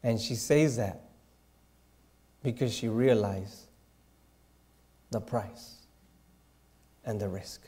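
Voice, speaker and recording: A man preaching with a slow, unhurried delivery. His voice is dark and mellow, and his tone is reverent, sinking into quiet, hushed asides. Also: on the low side. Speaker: pastor. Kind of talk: sermon.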